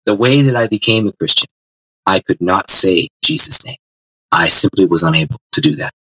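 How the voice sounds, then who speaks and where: A man, a guest author, telling his faith testimony in an interview with animated delivery and frequent restarts. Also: low voice, normal speed, husky, dry recording, rough recording. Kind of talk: interview storytelling.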